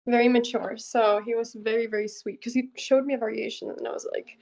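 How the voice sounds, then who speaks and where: High-voiced young woman chatting on stream. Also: little pitch movement, brisk, creaky, darkish tone, low-quality recording. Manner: chatty, laughs often, thanks viewers. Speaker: chess streamer. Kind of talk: casual live-stream chat.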